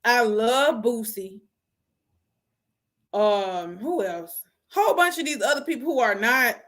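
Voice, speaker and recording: A young woman hosting her own show, giving casual opinions on music in an animated, slangy way. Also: fairly high pitch, slow pace. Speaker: host.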